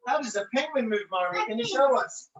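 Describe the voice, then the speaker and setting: A woman's voice: fairly high pitch, lively intonation, fairly quick. A woman leading a live home fitness class for children, cheerful and encouraging as she calls out moves. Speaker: fitness instructor. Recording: echoey distant lo-fi room mic.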